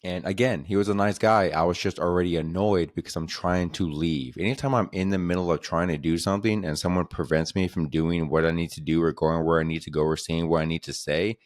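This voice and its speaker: A low-voiced man hosts a comedy podcast and tells a rambling, exasperated story. He swears freely and circles back on his points. The sound is dry and close. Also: brisk, hardly any pauses, no room sound.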